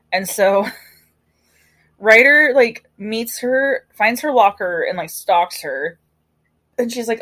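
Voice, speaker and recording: At a measured pace and in a mid-range voice, a female podcast co-host walks through a TV episode in a relaxed chat. She's lively about it, voicing the characters' dialogue as she retells what happened.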